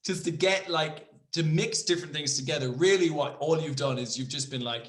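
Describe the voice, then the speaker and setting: A man's voice: a little high, normal speed, a bit bright. Rambling man in an echoey room. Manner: rambling, swearing, many restarts. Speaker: podcast co-host. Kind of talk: casual chat.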